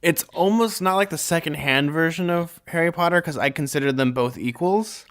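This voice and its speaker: A man's voice: on the high side, normal speed, a bit bright. Chatty male podcast co-host. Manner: chatty, emphatic, lots of fillers. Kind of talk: casual chat.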